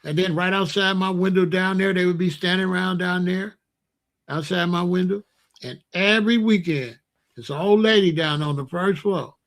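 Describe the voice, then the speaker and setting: A man's voice: high voice, normal speed, a bit bright. An older man, telling stories in a rambling, casual way and pointing out places around him outdoors. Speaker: vlogger. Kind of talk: casual storytelling.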